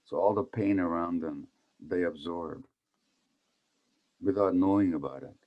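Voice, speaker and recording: A man in his seventies from Hungary, a physician, speaks conversationally at a public talk about trauma and asks the audience questions. His voice sits low and his pace is measured, but the recording sounds muffled.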